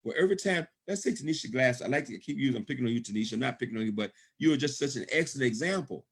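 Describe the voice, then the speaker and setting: Racing and animated, this middle-aged man's mid-range voice sounds gravelly and husky. It's a sales pitch on a conference call, where he presents a business opportunity with heavy emphasis and repetition, regularly asking "okay?"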